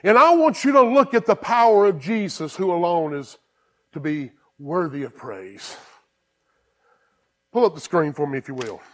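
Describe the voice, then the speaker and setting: A man preaching a sermon as pastor, excited and emphatic, repeating and restarting phrases. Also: high-pitched, moderate pace.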